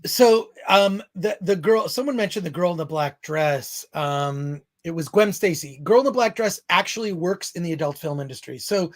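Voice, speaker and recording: A man's voice: high-pitched, normal speed, hardly any pauses. A man hosting a live-stream film podcast, rambling and joking as he reads chat comments aloud. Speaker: podcast host.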